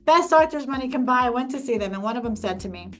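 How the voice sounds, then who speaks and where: A woman host telling a personal story in casual conversation, emphatic and animated, with many restarts. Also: high-pitched, fast, faint music behind. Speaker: podcast host.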